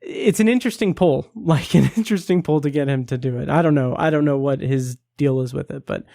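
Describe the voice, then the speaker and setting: Rambling podcast host, man, warm dark tone. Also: fairly high pitch, a little fast, creaky, no room sound, clean studio sound. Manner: rambling, laughs often, many fillers. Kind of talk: casual film review chat.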